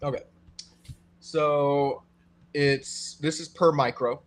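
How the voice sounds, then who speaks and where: A man co-hosting a live stream, explaining in a relaxed way with many fillers. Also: on the high side, slow pace. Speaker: co-host and trader. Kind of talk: casual live-stream chat.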